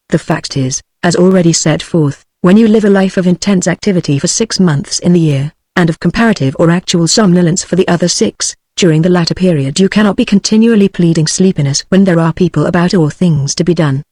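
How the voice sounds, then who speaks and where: A woman's voice: lowish voice, a little fast, no echo. British text-to-speech woman narrating. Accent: British English. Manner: even synthetic reading. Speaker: audiobook narrator. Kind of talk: scripted narration.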